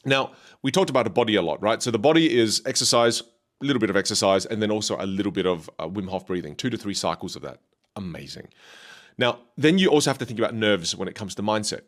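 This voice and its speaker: A man's voice: on the low side, animated, fast talker. A man coaching a live workshop audience from a theater stage, speaking emphatically and repeating key phrases.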